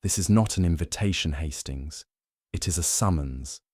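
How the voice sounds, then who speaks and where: Fussy male detective, done by a man, French accent, soft but commanding, a little higher than the narration, dry close sound. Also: normal speed, breathy edge, no room sound.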